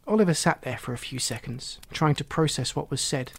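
A man narrating a children's storybook in an even, unhurried way. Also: on the high side, gravelly, husky.

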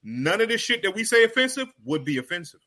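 A man talks in a relaxed podcast circle, with a very bright, slightly high voice. He rambles, circles back on his words and leans on slang. It is casual back-and-forth with friends. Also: quick pace. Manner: rambling with frequent restarts and slang. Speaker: podcast co-host. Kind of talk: casual group chat.

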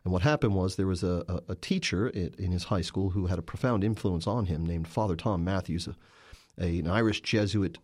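A man's voice: sits low, brisk, darkish tone. A man, a journalist and author, answering interview questions with emphatic, storytelling narration.

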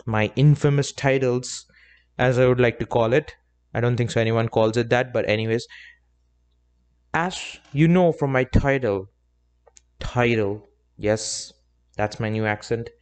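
A man's voice: mid-range voice, darkish tone. A young man hosting his own solo podcast, talking in a rambling, chatty way with self-joking asides. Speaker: podcast host. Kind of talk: casual solo podcast monologue.

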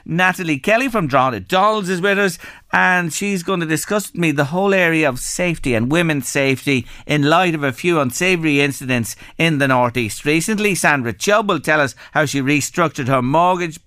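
A man's voice: mid-range voice, bright, forceful tone, smooth, no echo. A man hosting a live radio show in a studio, interviewing guests in an upbeat, enthusiastic way. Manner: upbeat, enthusiastic, drawn-out emphasis. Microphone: studio microphone.

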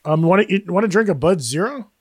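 A man's voice: sits high, expressive, fast, breathy edge, no echo, clean studio sound. A man co-hosting a podcast, telling rambling, self-deprecating stories and laughing often. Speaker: podcast co-host. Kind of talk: casual chat.

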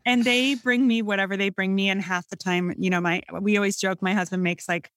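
A woman's voice: mid-range voice, a little fast, clean tone, no echo. Chatty Midwestern woman, dry sound. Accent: Midwestern American. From American Midwest. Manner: chatty, animated storytelling. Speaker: cookbook author guest. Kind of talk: casual conversation.

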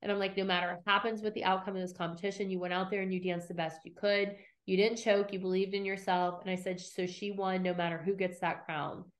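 A middle-aged woman hosts a casual podcast and speaks into a podcast mic. She recaps old scenes with lively storytelling, acts out each quote, and swears freely. Her voice sits at an ordinary, mid-range pitch. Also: quick pace, few pauses. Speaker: podcast host recapping episodes.

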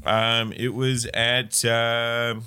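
A man telling a rambling comedy story in casual podcast banter, halting often with fillers. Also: medium pitch, little pitch movement, bright, forceful tone, slight background noise. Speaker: stand-up comedian guest.

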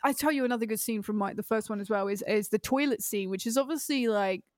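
A woman's voice: a little high, fast talker, a little mellow, no echo, clean studio sound. A woman with a British accent hosting a podcast in casual chat, giggly and rambling, playfully over the top. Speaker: podcast host.

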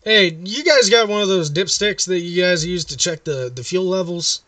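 A man's voice: sits high, normal speed, sharp tone, no room sound, distant mic. A man making a rambling, profane prank phone call. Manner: rambling, profane, mock-friendly. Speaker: prank caller.

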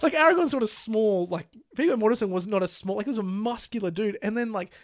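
A podcast co-host in a casual film chat, talking fast with lots of "like" fillers and acting out quoted lines from scenes. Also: mid-range voice, no room sound. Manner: animated, full of "like" fillers, laughs while retelling scenes.

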